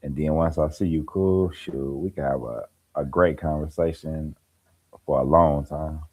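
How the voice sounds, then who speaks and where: A man's voice: rumbling low, steady tone, measured pace, a little mellow. A laid-back man chatting casually on a live stream, telling stories and laughing as he goes. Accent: African American Vernacular English. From American Midwest or East Coast. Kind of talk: casual chat.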